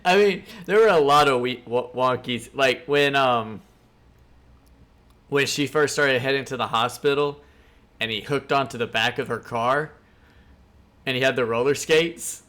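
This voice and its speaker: A man's voice: mid-range voice, a bit bright. A man co-hosting a podcast who chimes in with laughter while discussing a movie. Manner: slow, giggly, chimes in. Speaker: podcast co-host. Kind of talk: casual chat recapping a movie.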